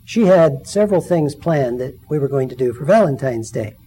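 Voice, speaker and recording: A man's voice: mid-range voice, expressive, moderate pace, warm tone, low-quality recording. A man in his fifties giving a personal testimony sermon, telling stories and acting out the voices of the people in them. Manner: storytelling, acts out quoted voices.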